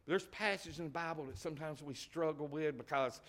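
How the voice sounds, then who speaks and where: A man preaching a sermon, swinging between loud emphasis and quiet, near-whispered asides. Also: a little high, fairly quick.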